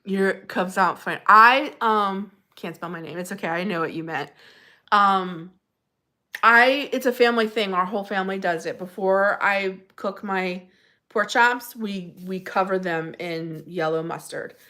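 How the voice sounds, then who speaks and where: A woman hosts a relaxed live stream with a bright, clear voice. She chats with viewers by name and gushes openly. Her tone is friendly and unscripted. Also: medium pitch, a little slow. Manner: chatty and gushing, answers viewers by name, frequent laughs. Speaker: livestream host. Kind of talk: casual live-stream chat reading viewer comments.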